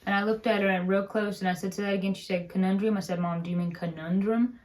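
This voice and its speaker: A woman's voice: mid-range voice, fairly even intonation, quick pace, darkish tone. A woman with an Appalachian accent, co-hosting a casual chat and explaining words in an easygoing way. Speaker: co-host.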